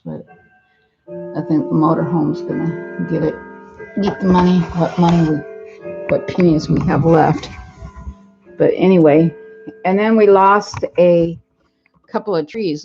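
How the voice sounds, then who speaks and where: A woman's voice: low voice, creaky, mellow, breathy edge. An older woman vlogging in a casual, rambling way from her home and yard, laughing easily as she chats. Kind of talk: casual chat. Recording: dull lo-fi phone audio.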